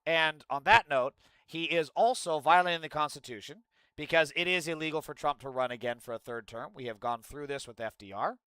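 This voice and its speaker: A man's voice: on the high side, fairly quick, pushed and bright, smooth, dry recording. A man streaming heated political commentary, ranting and swearing at his chat. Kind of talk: angry livestream commentary.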